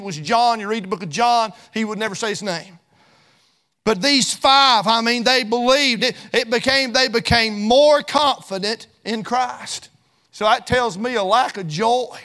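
A man preaching a sermon at a church service, fervent and emphatic, then dropping to a hushed tone for the closing prayer. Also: high voice. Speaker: pastor.

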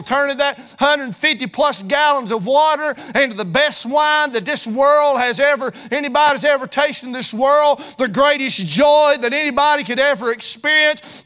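A man preaching a sermon at a church service, fervent and emphatic, then dropping to a hushed tone for the closing prayer. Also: very high-pitched. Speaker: pastor.

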